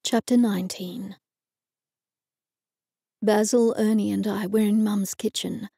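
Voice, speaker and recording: A woman with an Australian accent giving a measured audiobook narration. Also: mid-range voice, steady tone, gravelly, dark tone, slightly rough, no echo, clean studio sound. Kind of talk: scripted narration.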